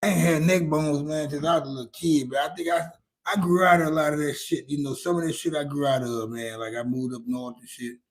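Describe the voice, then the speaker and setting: A man's voice: on the high side, fairly even intonation, fairly quick. A middle-aged man with a Louisiana accent, chatting casually with his stream audience in a laid-back, rambling, profane way. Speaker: livestream host answering chat. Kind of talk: casual chat.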